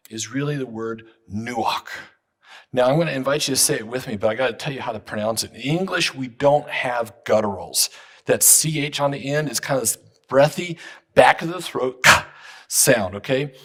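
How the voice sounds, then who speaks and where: Husky-voiced man preaching a sermon. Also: mid-range voice, a bit bright. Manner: teaching, leads the congregation in call-and-response. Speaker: guest pastor. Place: church sanctuary.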